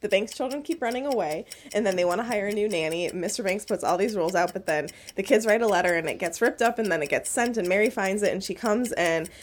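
A woman's voice: mid-range voice, fast talker, few pauses. A woman co-hosting a podcast in casual chat, giggly and rambling. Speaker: podcast co-host.

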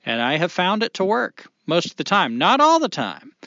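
A man's voice: high-pitched, normal speed, dry recording, lo-fi sound. A man in his forties co-hosting a podcast, chatting casually in a rambling way with lots of fillers. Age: 40s. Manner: rambling, animated, many fillers. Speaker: podcast co-host.

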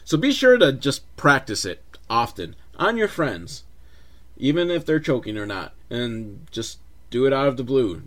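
A man's voice: mid-range voice, a bit bright. A man hosting a comedic movie recap, sarcastic, profane and rambling. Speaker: host, film reviewer.

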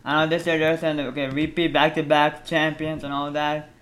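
A man's voice: a little high, flat delivery, normal speed, a bit bright, slight background noise. Rambling man in casual sports banter. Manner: rambling, repeats words, playful teasing. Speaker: podcast co-host.

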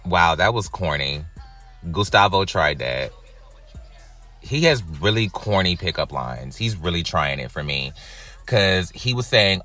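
A man giving casual reaction commentary, wry and animated, swearing freely. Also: low-pitched, a little slow, soft background music. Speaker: reaction vlogger.

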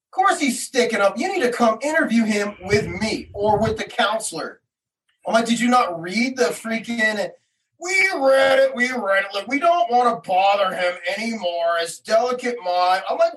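A man's voice: sits high, animated, moderate pace, distant mic, poor audio. A middle-aged man telling an emotional story about his son, agitated, swearing and acting out what others said. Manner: agitated, acts out quotes, swears, rising to shouts. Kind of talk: emotional personal account.

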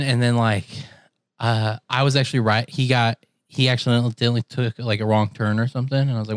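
A young man telling a story in casual chat, animated, laughing and mimicking other voices. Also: medium pitch, smooth, no echo, clean studio sound.

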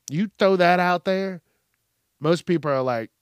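A man rants on his own podcast, cursing freely and talking bluntly. His voice sits a bit high for a man and he takes his time. The sound is dry and close, with no room echo. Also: measured pace, clear, resonant tone. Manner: blunt, heavy cursing, ranting. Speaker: podcast host. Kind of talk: casual profane rant.

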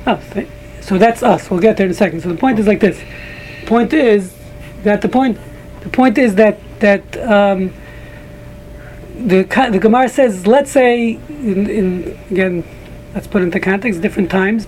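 A man's voice: high-pitched, darkish tone, slight background noise, low-quality recording. Rambling joking man teaching a Talmud class. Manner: rambling, restarts often, joking asides. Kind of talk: casual group Talmud class.

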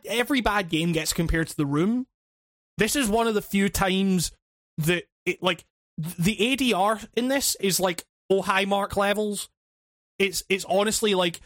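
A man's voice: sits high, fairly bright tone, dry recording, studio quality. A man on a podcast, ranting casually with lots of swearing, fillers and restarts. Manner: rambling, profane, many restarts and fillers. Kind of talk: casual chat.

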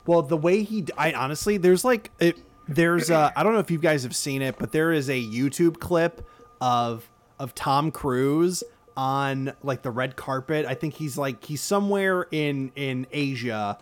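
Rambling, animated male podcast co-host. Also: a little high, unhurried. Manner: rambling, animated, breaks into silly impressions. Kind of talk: casual chat.

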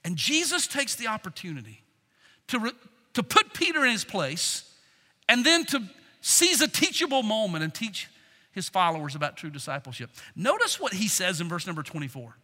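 Pastor, male, animated sermon delivery, high and very expressive, hall reverb. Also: normal speed. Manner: animated, dramatic preaching with acted quotes.

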